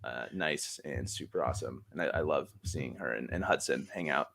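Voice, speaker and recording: A man's voice: rumbling low, moderate pace, creaky. A man who is a guest on a podcast, joking playfully and teasing the others. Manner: playful teasing, expressive swings. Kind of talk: casual chat.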